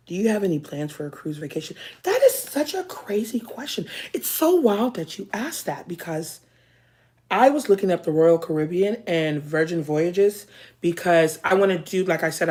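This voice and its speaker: An American woman hosts a casual live stream, reading viewers' comments aloud while chatting frankly and joking. Her voice is lowish and a little mellow.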